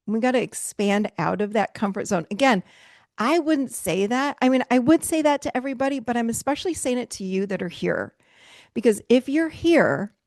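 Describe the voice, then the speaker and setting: A middle-aged woman coaching a virtual mastermind group, emphatic and animated, laughing often as she teaches over a video call. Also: mid-range voice, creaky, no room sound, clean studio sound. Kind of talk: live motivational teaching.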